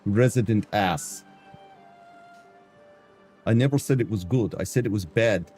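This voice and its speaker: A man putting on a bad Eastern European accent to play a boastful male negotiator from his Dungeons and Dragons game. He talks in deadpan, broken grammar on a live stream. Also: lowish voice, measured pace, breathy edge, faint music behind. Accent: put-on bad Eastern European.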